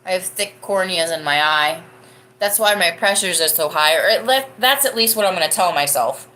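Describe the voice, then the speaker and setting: A woman's voice: on the low side, lively intonation, moderate pace, bright, forceful tone. A young woman hosting a live podcast, chatting casually and rambling as she answers viewer comments, laughing often. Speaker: livestream podcast host.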